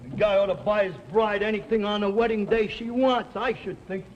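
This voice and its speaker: An actor playing a quick-tempered bartender and pimp, talking in brash street slang in a 1960 television drama. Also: male voice, high voice, steady tone, a little hiss or hum, lightly acted. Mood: mocking. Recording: dull old TV audio.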